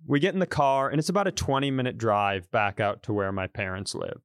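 Brisk and mid-range, this man's clean-toned voice comes through a dry, studio-quality recording. He's a podcast co-host in his thirties, animatedly telling a story in casual chat and performing the quotes.

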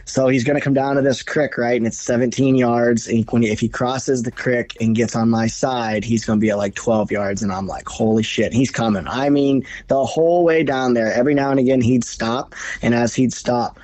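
A man who is a podcast guest, telling a bowhunting story in a casual, animated, profane way. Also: medium pitch, no echo. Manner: animated, profane, fast retelling.

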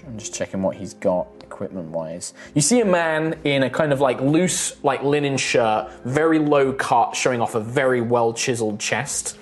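A man's voice: mid-range voice, animated, normal speed, few pauses, soft background music. A man narrating a tabletop game as game master, casual and rambling, with lots of fillers.

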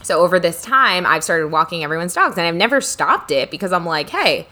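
A woman's voice: on the low side, big pitch swings, a little fast, bright, forceful tone. A woman in her thirties co-hosting a podcast, telling stories in a chatty, laughing way. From Northeast US. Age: 30s. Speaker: podcast co-host. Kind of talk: casual chat.

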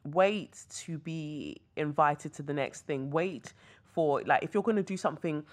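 A woman's voice: low voice, measured pace. A young British woman hosting a podcast, chatting casually and rambling through asides while reading tarot. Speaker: podcast host and tarot reader. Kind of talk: casual chat. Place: hotel room.

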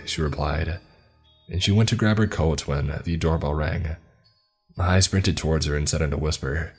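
Deep husky guy telling a creepy story, low music under it. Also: moderate pace, a little mellow. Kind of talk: horror story narration.

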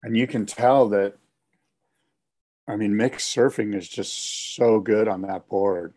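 Low-voiced man, enthusiastic podcast co-host. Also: slow, warm tone. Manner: enthusiastic, rambling, with frequent restarts and "you know". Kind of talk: casual podcast chat.

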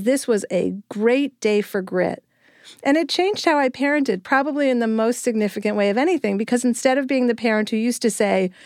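A middle-aged woman with a fairly high, smooth, clear voice speaks as a podcast co-host. She talks earnestly and reflectively. The recording is dry and close. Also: dry recording. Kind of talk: casual chat.

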